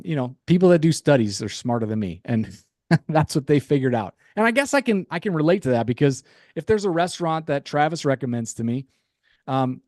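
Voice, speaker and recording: A man presenting a sales pitch on a webinar, upbeat, with light chuckles and casual asides. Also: a little mellow, no room sound, studio quality.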